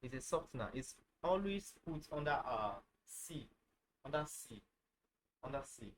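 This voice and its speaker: A man teaching a casual online lesson, halting, with many fillers, who says each phrase over and over. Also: mid-range voice, lively intonation, slight background noise, rough recording. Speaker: language teacher.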